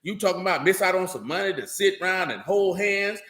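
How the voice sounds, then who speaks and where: A man preaching in a loose, streetwise way, blunt, emphatic and full of slang. His voice sits high and bright. It rings out in a roomy, echoing space. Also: animated, brisk. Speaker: religious teacher. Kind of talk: informal streetwise sermon.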